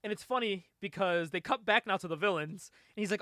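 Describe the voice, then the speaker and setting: A man with a fairly high voice talks through a comic book story in a casual, rambling way. He laughs and swears freely as he goes. The sound is dry and close, with no room around it. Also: fairly quick, pushed and bright, no room sound. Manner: loose, chatty retelling with frequent laughs and swearing. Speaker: podcast host.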